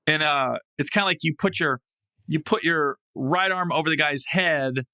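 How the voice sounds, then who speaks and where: A male podcast host spins a comic story at normal speed, casual and salty, swearing freely. He's animated and often bursts into loud, high laughter, and his podcast mic picks up no room sound.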